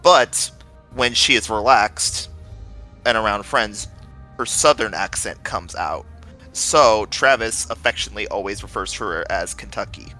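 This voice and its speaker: A man's voice: on the low side, a little slow, soft background music. A man joining a game stream, telling stories and joking in a casual chat. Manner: animated, joking storyteller.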